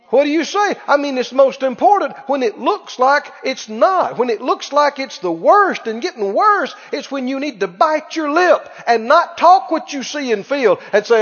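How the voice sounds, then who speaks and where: A man delivers a sermon with a high voice, hammering the same words over and over and prompting the congregation to answer back. The recording is muffled and carries long church reverb. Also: lively intonation, normal speed, a bit bright. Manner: emphatic, repetitive preaching, calls for audience response. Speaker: pastor. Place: church hall.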